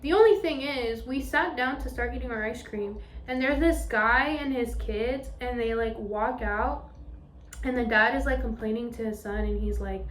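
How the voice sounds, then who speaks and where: A young woman chats through a solo podcast episode in a candid, expressive voice that sits a little high. She swears freely, fills gaps with casual fillers, and her voice rings around an echoey room. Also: normal speed. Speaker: podcast host. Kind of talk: casual chatty podcast monologue.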